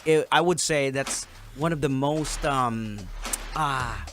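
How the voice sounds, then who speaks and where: A man's voice: mid-range voice, slow, fairly bright tone, slight background noise. A man with a Filipino accent hosts a radio show. He delivers showy, hyped countdown patter and interviews guests with playful jokes. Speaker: radio DJ host. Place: radio studio.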